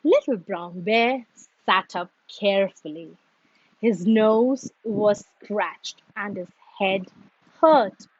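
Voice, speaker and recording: A woman reading a children's storybook aloud in a slow, expressive, sing-song way. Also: mid-range voice, slightly rough, no echo, muffled recording.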